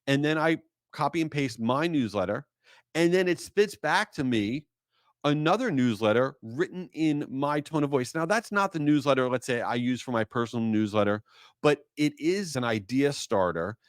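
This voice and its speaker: Animated male podcast host, lively pitch. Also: normal speed, dry recording, clean studio sound. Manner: animated storytelling, high-pitched mock quotes; reads sponsor ad with hype. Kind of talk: casual solo podcast talk.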